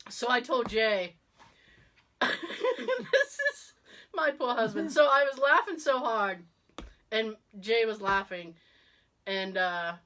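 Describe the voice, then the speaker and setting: A woman hosting a podcast, telling a story in casual chat, animated and laughing often as she acts out quotes. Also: fairly high pitch, takes it slowly, long pauses, slight background noise. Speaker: podcast host.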